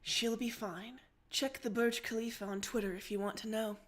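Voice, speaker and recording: A woman co-hosting a livestream, reading story dialogue aloud in an unhurried, casual way. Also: fairly high pitch, steady tone. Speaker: livestream co-host reading character lines.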